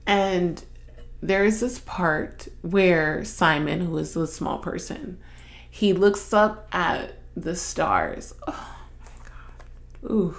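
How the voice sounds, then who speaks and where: Young woman podcast host, slow and gravelly, big swoops up and down when she gets into a story. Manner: expressive, swears, dramatic pitch jumps when acting out stories. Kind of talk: casual solo chat.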